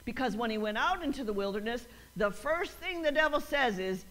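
A woman pastor delivering a lively sermon in a high voice. Her pitch rises and falls sharply as she repeats key lines and acts out quoted voices. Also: a little fast. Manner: call-and-response preaching, rising to emphatic repeats.

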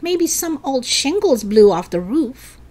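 A woman voicing a stubborn, skeptical schoolboy who talks loud and mocking. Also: high-pitched, very animated, unhurried, voice pushed up. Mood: scoffing.

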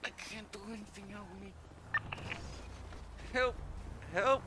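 Man, panicky pleading gamer, loud static on the line. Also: high voice, moderate pace. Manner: pleading, frantic, calling for help. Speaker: gamer in voice chat. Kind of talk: panicked gaming chat. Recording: loud noisy voice chat line.

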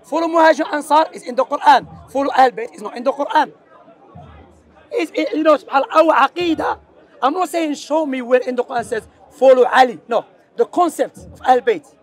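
High-voiced man preaching outdoors in a debate. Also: fairly quick, some chatter behind. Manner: earnest, animated and persuasive, sprinkled with Arabic phrases. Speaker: street preacher. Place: busy outdoor public space.

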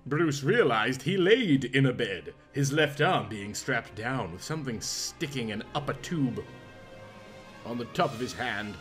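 A man's voice: medium pitch, expressive, unhurried, fairly bright tone, soft background music. A man reading a comic parody story aloud in a melodramatic, mock-passionate narration.

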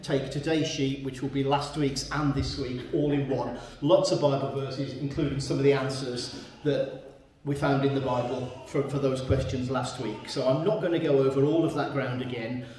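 A man's voice: mid-range voice, steady tone, moderate pace, hardly any pauses, darkish tone. A man preaching a sermon in a church and reading from the Bible, emphatic and repeating his key points. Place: church hall. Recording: very echoey room.

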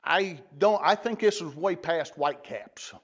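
A man's voice: a little high, a little slow. Folksy man teaching a Bible lesson. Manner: folksy, repeats words, restarts phrases. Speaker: church teacher. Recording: dull lo-fi church recording.

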